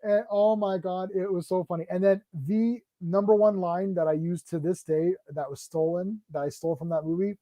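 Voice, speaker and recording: This stream host has a high voice and talks at a normal speed with hardly any pauses, in studio quality with no room sound. He chats casually about films, rambling through lots of fillers. Animated, he performs scenes and movie lines in a raised voice.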